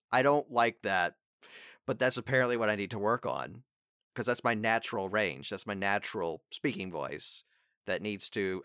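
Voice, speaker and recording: A man talks shop about acting in a clear, resonant voice that swings lively up and down. He rambles loosely through his advice and sometimes breaks into short acted readings. The sound is dry and close, with no room around it. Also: lowish voice, no echo. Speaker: voice actor. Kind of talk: casual chat.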